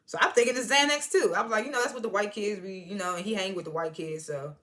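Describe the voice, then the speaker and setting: A woman's voice: mid-range voice, quick pace, a bit bright. A woman casually recapping a TV episode, chatty and slangy as she retells scenes. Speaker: TV show reviewer.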